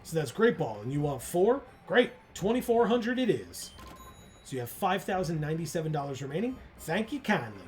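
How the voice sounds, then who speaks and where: A woman's voice: low voice, sing-song, fairly quick, darkish tone, faint music behind. A woman casually chatting and reading a video game's text aloud during a playthrough, playful in tone. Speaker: co-host of a game playthrough. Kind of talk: casual chat while playing.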